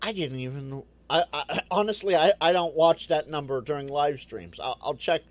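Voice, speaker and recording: A man's voice: fairly high pitch, moderate pace, dry recording. A man hosting a casual livestream, chatting to viewers, rambling and stammering, often repeating words as he restarts. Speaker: livestream host.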